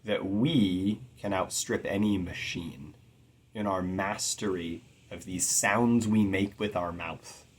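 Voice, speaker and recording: A middle-aged man teaching about poetic meter in an earnest, measured way, carefully stressing his words. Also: low voice, slightly rough. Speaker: poetry teacher.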